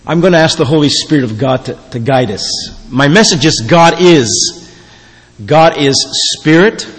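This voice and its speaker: A middle-aged man of medium pitch preaches as a guest speaker, moving from anecdotes with fillers into quiet, earnest prayer. His voice rings out with a long church reverb. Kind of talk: sermon. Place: church sanctuary.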